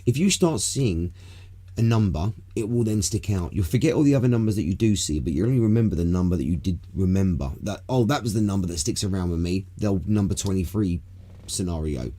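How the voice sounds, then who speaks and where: British bloke rambling on a stoner podcast, low husky voice, mellow and easygoing. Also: male voice, animated, a little fast. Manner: rambling, laid-back, swears freely. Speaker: podcast co-host. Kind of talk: casual chat on a live smoke session.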